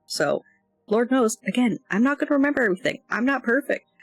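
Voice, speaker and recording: A tired, yawning woman streams herself walking through a language lesson, rambling, hesitant and teasing herself along the way. Her voice is a little high, animated and brisk, with no room sound and soft music in the background.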